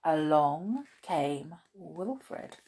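A woman's voice: low voice, animated, very slow, dark tone, husky. A woman reading a children's storybook aloud with dramatic gasps, then chatting cheerfully to listeners.

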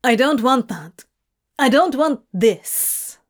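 A snarky, brooding male demon who sneers his words with sardonic bite, as a woman puts him on. His voice is a touch high and delivered slowly, like a storybook read aloud. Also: expressive, full character voice. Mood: rattled.

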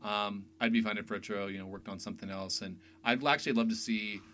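A man hosting a casual podcast chat about video games, excitable and full of fillers. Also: on the low side, brisk, slight background noise. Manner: chatty, excitable, many fillers. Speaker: podcast host.

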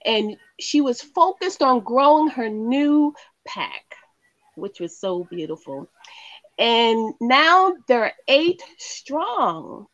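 Animated female co-host, dull lo-fi sound. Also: fairly high pitch. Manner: warm, agreeable, quick to laugh along. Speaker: podcast co-host. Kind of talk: casual chat.

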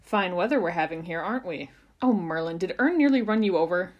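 A woman voicing a bustling, motherly bus conductor in a storybook reading, brisk and chatty. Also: fairly low pitch, expressive, muffled recording. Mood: cheery. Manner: brisk, motherly, exasperated scolding.

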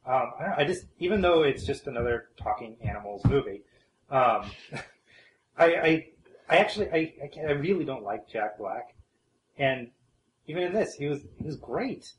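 A man's voice: mid-range voice, lively intonation, normal speed, a little hiss or hum. Hesitant man in an echoey room. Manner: hesitant, thinks aloud with many ums. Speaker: podcast co-host. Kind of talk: casual film discussion.

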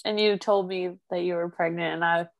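A woman in casual chat with a friend, emotional and chatty, with quick bursts of speech. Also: fairly low pitch, fairly even intonation, creaky. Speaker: friend and mother.

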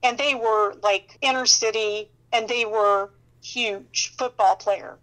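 A woman telling a faith testimony in a casual, animated way, often laughing and acting out what people said. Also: a little high, takes it slowly, low-quality recording. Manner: animated storyteller who laughs often and acts out dialogue. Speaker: Christian counselor sharing her testimony.

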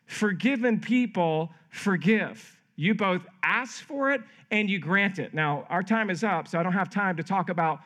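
A middle-aged man preaching at a camp gathering, his voice sitting high for a man. He delivers his sermon with animated energy, slipping into quoted voices to act out everyday scenes. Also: a little slow, hardly any pauses. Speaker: pastor. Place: camp meeting hall.

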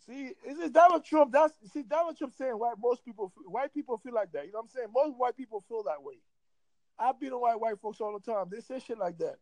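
Man with a very high, gravelly voice giving a heated, profane rant in a dry, close sound. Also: animated, fairly quick, darkish tone, no echo, rough recording. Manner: heated, profane, emphatic ranting. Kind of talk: casual opinionated chat.

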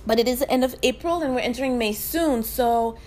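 A woman's voice: fairly high pitch, a little fast, a little mellow. Chatty upbeat woman podcast host. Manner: chatty and upbeat, talks to listener as "sis". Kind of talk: casual solo podcast chat.

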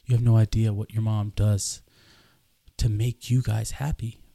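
Twenties man, low gravelly husky voice, earnest podcast storyteller who acts out dialogue. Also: level tone, unhurried, mellow, no echo. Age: 20s. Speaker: podcast host. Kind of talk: casual storytelling.

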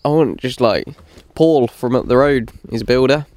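A man's voice: medium pitch, moderate pace, darkish tone, no room sound. A young man in casual, chatty conversation, laughing often as he talks. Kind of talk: casual chat.

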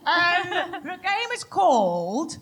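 A British woman hosting a comedic live podcast, telling stories in an animated, laughing way. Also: extremely high pitch, slow. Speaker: podcast host. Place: live podcast stage before an audience.

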